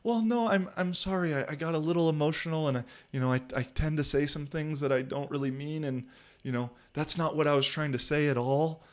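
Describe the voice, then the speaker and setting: A man voicing a manipulative male football coach who is backpedaling with a high, sugary, falsely apologetic tone. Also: fairly even intonation, brisk, lightly acted. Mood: fake apologetic.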